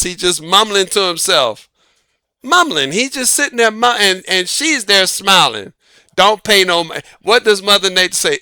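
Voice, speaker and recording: A man's voice: high-pitched, lively intonation, a little slow, bright, forceful tone, clean tone, no echo, clean studio sound. A man giving dating advice in a folksy, emphatic casual monologue. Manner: folksy, emphatic, laughs at own jokes.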